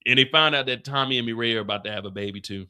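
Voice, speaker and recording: A man hosting a live recap show, retelling scenes in an animated, profane, comedic way on a streaming mic. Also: medium pitch, rapid-fire, clear, resonant tone, no echo, clean studio sound. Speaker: host.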